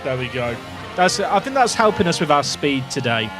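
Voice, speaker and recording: Excitable high-voiced streamer. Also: male voice, normal speed, soft background music. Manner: excitable, jokey, shouting at the screen. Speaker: streamer playing a racing management game. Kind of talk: live gameplay commentary.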